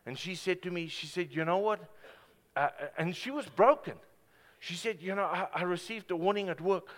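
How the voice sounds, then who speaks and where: Man, preaching pastor; lively storyteller, punchy then hushed, bright tone, hall echo. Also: sits high, normal speed. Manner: animated storytelling, swings from loud to hushed. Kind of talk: sermon. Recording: hall reverb.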